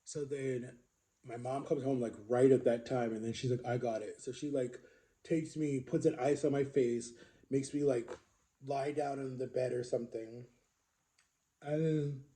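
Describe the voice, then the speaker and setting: Man with a very dark mellow voice. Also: medium pitch, fairly even intonation. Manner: earnest, halting recounting with many fillers. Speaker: vlogger. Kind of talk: candid personal storytelling.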